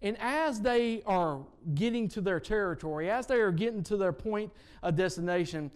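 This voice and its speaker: A man preaching a sermon, retelling stories and building to repeated emphatic lines, his loudness rising and falling. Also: sits high, expressive, moderate pace, smooth.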